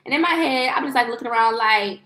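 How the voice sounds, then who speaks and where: A woman's voice: a little high, fast, sharp tone, roomy sound. A woman vlogger telling a story in a casual rant, rambling and profane, with lots of fillers and restarts. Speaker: lifestyle vlogger and livestreamer.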